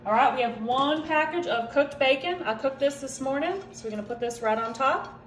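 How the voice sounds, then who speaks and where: Chatty woman hosting a home cooking vlog, slightly high voice, echoey kitchen. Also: fairly quick, slight background noise. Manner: chatty, addresses viewers as y'all. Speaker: cooking channel host.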